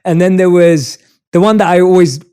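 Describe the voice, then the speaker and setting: A man with a North London accent hosting an interview, chatty and enthusiastic, introducing his guest and trading quick asides. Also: high voice, dark tone, clear, resonant tone. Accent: North London English. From England. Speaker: podcast host. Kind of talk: warm conversational interview.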